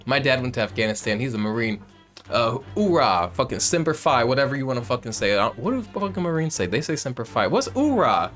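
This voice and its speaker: A loud man commenting casually on a video game, swearing and joking. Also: mid-range voice, very animated, fast, soft background music. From United States. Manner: loud, profane, joking asides. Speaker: let's play host.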